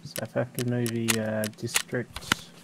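A man's voice: medium pitch, completely flat delivery, unhurried. A man playing as a teammate in an online game, making dry teasing remarks. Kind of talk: casual gaming chat. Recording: noisy voice chat.

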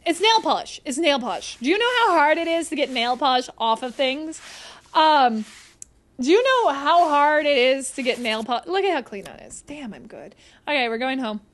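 A young woman streaming a horror game live, chatting to her viewers, jumpy and quick to swear, shrieking and laughing whenever something startles her. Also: high voice, big pitch swings.

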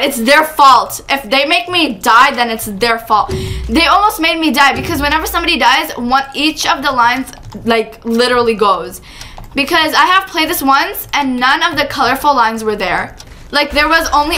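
Woman, high-pitched, bright tone, excitable gameplay commentary, chatty. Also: moderate pace, a little hiss or hum. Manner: excitable, chatty, frequent exclamations. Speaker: gaming channel host.

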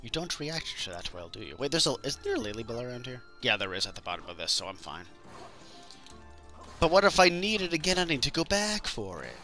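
Excitable cursing man, bright voice. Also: mid-range voice, fairly quick, soft background music. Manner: swears freely, excitable reactions. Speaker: gameplay commentator. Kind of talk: casual let's-play chat.

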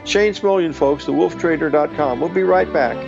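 A man hosting a live finance show, praising his guest with drawn-out fillers. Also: fairly high pitch, gravelly, lo-fi sound, loud music behind the voice. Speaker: show host.

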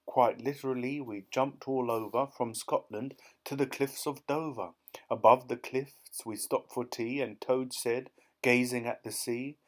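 Guy narrating a kids storybook in rhyme, lively bouncy rhythm, mid pitch. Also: measured pace. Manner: lively, rhythmic verse reading. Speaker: audiobook narrator. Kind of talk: scripted storybook narration in rhyming verse.

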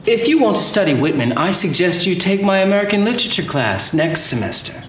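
A formal male English teacher who speaks in a clipped, lively roll-call manner. His voice carries through an echoey classroom and is heard from some way off, with a faint hiss behind it. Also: high-pitched, fairly quick, far from the mic. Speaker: high school English teacher.

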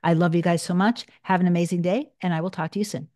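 A woman hosting her own channel, talking casually and earnestly to viewers, reassuring them with repeated gentle phrases. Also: on the low side, steady tone, fast, dry recording, studio quality. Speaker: channel host. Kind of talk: casual advice talk to viewers.

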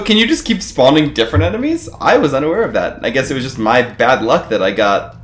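A man hosting a let's play, giving gaming commentary, swearing often and getting animated and frustrated at the game. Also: medium pitch, echoey room.

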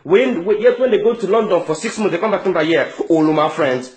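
A man delivers an indignant, mocking rant straight to camera. His voice sits high for a man, and he trips over repeated words as he pushes his point. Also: expressive, fast talker, hardly any pauses. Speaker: vlogger. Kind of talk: angry opinion rant to camera.

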